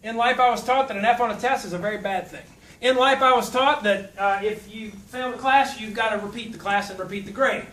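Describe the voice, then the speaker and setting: A man's voice: sits high, fairly even intonation, a little fast, a bit bright. A man from South Louisiana, giving a folksy, humorous motivational speech and telling stories. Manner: folksy, humorous, puts on voices when quoting. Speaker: motivational speaker. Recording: echoey hall from far off.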